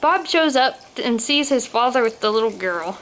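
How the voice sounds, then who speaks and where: A woman's voice: on the high side, expressive, moderate pace, fairly bright tone, a little hiss or hum. A woman narrating a funny storybook aloud, with the odd slip while reading. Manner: reads aloud, occasional slips. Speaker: story reader.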